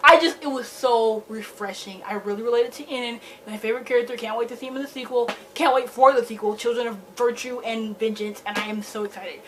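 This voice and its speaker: A young woman from Michigan with a slightly high voice retells a fantasy plot in a loose, excited ramble. She is a book vlogger talking straight into her camera's mic, full of fillers and dramatic asides. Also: a little fast, hardly any pauses, slight background noise. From Michigan, USA. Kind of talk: casual book review ramble.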